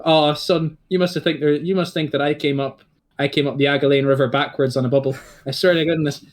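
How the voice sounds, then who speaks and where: A man's voice: fairly high pitch, steady tone, quick pace, close to an everyday voice. A man voicing a jovial older father who is proud of his son and talks in hearty dialect.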